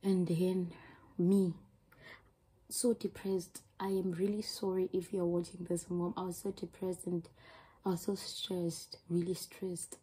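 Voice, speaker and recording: Young South African woman, YouTuber telling a story; husky, warm-dark tone, rambling delivery. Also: fairly low pitch, flat delivery, a little slow, rough recording. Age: young adult. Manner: emotional, rambling retelling with many restarts. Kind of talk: storytime vlog.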